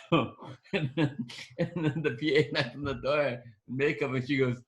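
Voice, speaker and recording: A man in his forties speaks at an ordinary pitch as a guest actor recounting his experiences. He talks in loose, rambling bursts, doubles back on his words, and slips into the voices of the people in his story. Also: fairly even intonation, moderate pace. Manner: rambling, restarts often, acts out quoted dialogue. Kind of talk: storytelling interview answers.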